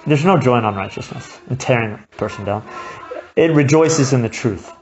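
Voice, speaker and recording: Very low-voiced woman preaching conversationally. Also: animated, moderate pace, muffled recording, music in the background. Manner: conversational, acting out quoted voices. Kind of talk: sermon. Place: church altar gathering.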